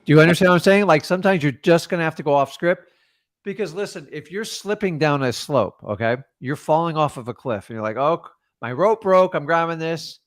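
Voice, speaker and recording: A man coaching a caller in a casual, blunt way, acting out phone calls with quick changes of voice. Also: on the high side, lively intonation, dry recording, clean studio sound. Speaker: real estate investor coaching a caller.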